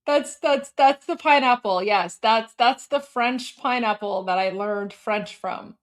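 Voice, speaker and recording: Canadian-raised woman in her 40s, chatty stream host, giggles a lot, slightly high voice. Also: measured pace. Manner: chatty and giggly, lots of "like" fillers. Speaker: livestream host. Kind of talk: casual live commentary.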